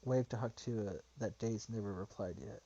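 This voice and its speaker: A man's voice: on the low side, normal speed, warm tone, breathy edge, muffled recording. A man streaming a response video, talking casually and rambling, getting frustrated, swearing and muttering to himself while he searches. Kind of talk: casual livestream commentary.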